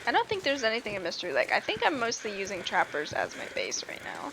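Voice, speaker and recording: A woman streamer talks casually while playing a game, wandering from one everyday story to another. Her voice sits at an ordinary middle pitch, loose and conversational, peppered with "like" and easy laughter. A faint background noise sits behind her. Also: huge pitch swings, quick pace. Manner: rambling, chatty, laughs often, fills with "like". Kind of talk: casual chat while gaming.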